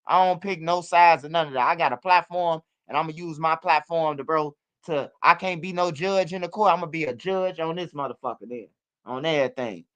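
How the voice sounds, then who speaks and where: Male street-news commentator: slangy and profane, rambling, fairly high and smooth. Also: brisk, a bit bright, dull audio.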